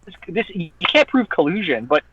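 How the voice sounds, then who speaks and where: A man's voice: high-pitched, big pitch swings, normal speed, fairly bright tone, a little hiss or hum. A man, a guest who makes online content, chatting on a podcast in a heated, profane, ranting way and mimicking people in mocking voices. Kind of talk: casual podcast chat. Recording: dull lo-fi dry audio.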